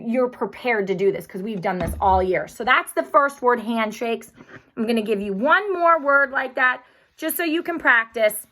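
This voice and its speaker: A woman teacher walks young children through a recorded spelling lesson. Her voice is bright and clear, pitched a little high. She speaks slowly and carefully and keeps encouraging them.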